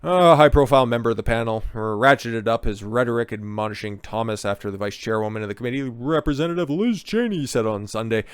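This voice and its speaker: A man ranting through political commentary, swearing and mocking as he reads out the news. His voice is smooth and resonant, with a middling pitch. The sound is dry and close, with no room around it. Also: quick pace, hardly any pauses, no room sound. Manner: profane, sarcastic, heated.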